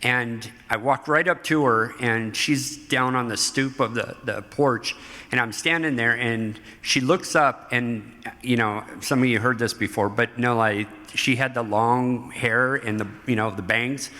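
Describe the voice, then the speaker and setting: Bright-voiced middle-aged man telling stories. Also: medium pitch, measured pace. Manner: animated, laughing storyteller. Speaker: interview guest. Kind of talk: storytelling interview. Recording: hall reverb.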